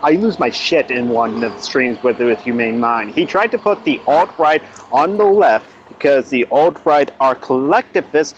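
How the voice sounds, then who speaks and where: A man's voice: mid-range voice, animated, normal speed, hardly any pauses. Blunt man on a muffled, slightly noisy line. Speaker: chat participant. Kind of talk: casual group voice chat. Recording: muffled voice-chat line with faint noise.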